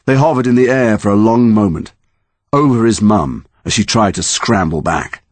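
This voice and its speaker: A man narrating a dark storybook with slow, highly dramatic delivery. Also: dry recording. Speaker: audiobook narrator.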